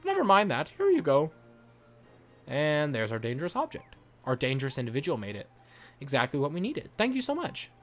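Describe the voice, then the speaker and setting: A man's voice: fairly high pitch, huge pitch swings, brisk. A man voicing a bossy, fussy female alchemy assistant who talks in an exasperated, scolding way, with faint game music behind. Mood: impressed.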